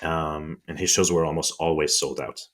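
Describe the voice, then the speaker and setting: A man's voice: very deep voice, steady tone, normal speed, fairly bright tone. A man with a French accent, a podcast co-host explaining history in casual chat, with frequent ums and restarts on tricky words.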